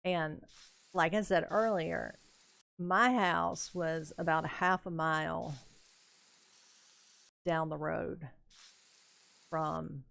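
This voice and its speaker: An older woman streaming a building game, telling rambling, unhurried stories about her youth with plenty of fillers and chuckles. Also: deep voice, fairly even intonation, gravelly, fairly bright tone. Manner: rambling, unhurried anecdotes with frequent fillers and laughs. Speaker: gaming streamer. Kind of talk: casual storytelling while building in a game.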